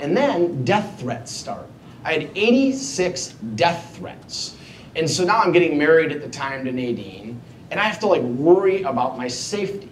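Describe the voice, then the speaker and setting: A man giving a motivational storytelling speech to an audience, animated and self-mocking as he acts out his own past thoughts. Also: measured pace. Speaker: keynote speaker. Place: event hall before an audience. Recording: echoey hall, distant mic, faint rumble.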